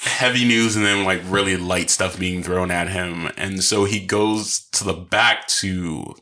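A man's voice: sits low, fairly even intonation, unhurried, bright, forceful tone. A man co-hosting a film podcast in casual chat, full of "like" fillers, sometimes voicing the characters. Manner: chatty, many fillers like "like", jumps into voices. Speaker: podcast co-host.

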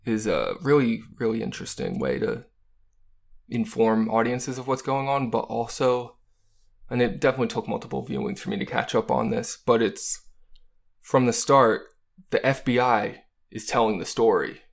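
Gravelly-voiced man discussing a film. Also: medium pitch, normal speed. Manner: thoughtful, analytical, with fillers. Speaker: podcast co-host. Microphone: studio mics.

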